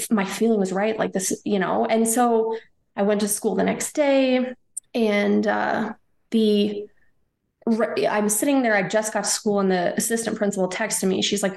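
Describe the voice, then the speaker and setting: A woman in her thirties recounts a personal story in a rambling, emotional way, her words strung together with "like" and "you know". Her voice has a gravelly fry to it and rings with room echo. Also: medium pitch, darkish tone. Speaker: guest.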